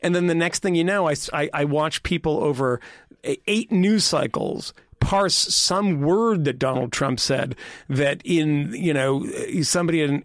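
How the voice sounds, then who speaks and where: A man's voice: fairly high pitch, dry recording, studio quality. A man on a podcast panel talking politics in casual chat, rambling and interrupting himself with repeated words.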